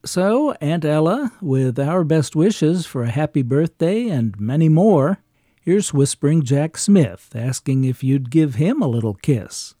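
A man introduces records on a radio show in a smooth announcer delivery. His voice is dark and mellow, and his pitch moves in a lively way. The sound is dry and close. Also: a little slow, no room sound. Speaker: radio host.

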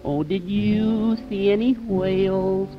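A woman singing as a fair young maiden in slow, plaintive calls, on a dull lo-fi old record with a band. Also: medium pitch, steady tone, music in the background, natural voice. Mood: pleading. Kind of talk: comic song on old record.

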